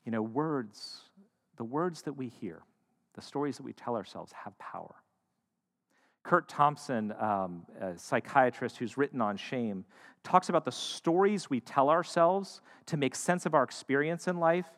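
A man preaching a sermon, shifting between loud emphatic lines and hushed, quiet ones. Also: mid-range voice, expressive, a little slow. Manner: dynamic, swings from loud to hushed. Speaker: pastor. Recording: long hall reverb.

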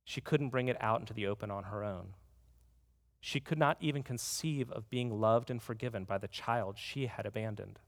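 A man preaching a sermon as pastor, earnest, telling a story and slowing down to stress key words. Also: on the low side. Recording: reverberant hall.

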